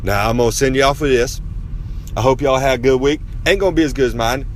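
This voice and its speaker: Man doing a cocky pro-wrestler persona, mid-pitched, brags and rambles at the audience. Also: fast talker, slight background noise, natural voice. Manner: cocky, rambling, talks down to listeners. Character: brash boastful male pro wrestler persona. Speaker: recurring segment host. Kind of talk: comedic rambling monologue.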